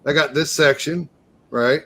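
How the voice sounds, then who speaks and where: A man's voice: a little high, a little slow, sharp tone. A man co-hosting a casual live video chat, joking and teasing. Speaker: co-host.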